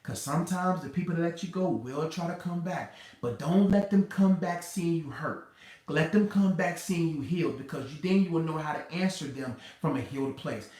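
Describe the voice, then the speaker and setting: A man's voice: fairly high pitch, normal speed, a little mellow, far from the mic. A man who is a relationship coach, giving motivational advice in an emphatic, preacher-like, conversational way and repeating key phrases. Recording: roomy sound, speaker away from the mic.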